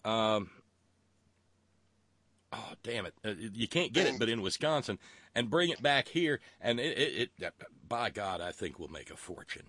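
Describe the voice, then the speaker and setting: A man's voice: lowish voice, big pitch swings, moderate pace, sharp tone, dry recording. A man hosting a casual call-in chat, with folksy banter and lots of restarts. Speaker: show host.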